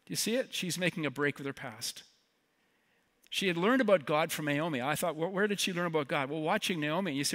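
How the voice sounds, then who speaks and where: A man's voice: a little high, fast talker, sharp tone. A man preaching a sermon as a guest speaker, conversational and joking with the congregation in between. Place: church sanctuary.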